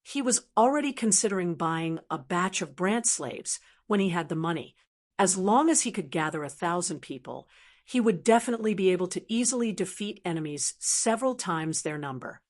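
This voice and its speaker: Steady woman audiobook narrator. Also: on the low side, moderate pace. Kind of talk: scripted narration.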